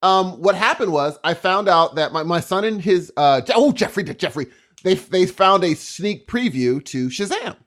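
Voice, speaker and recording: A middle-aged man co-hosting a podcast, talking in casual, animated bursts of storytelling. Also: high voice, moderate pace. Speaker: podcast co-host. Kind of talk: casual chat.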